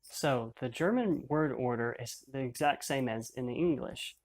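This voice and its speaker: A man at an ordinary middle pitch teaches a beginner language lesson. He explains each point patiently and step by step. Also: moderate pace.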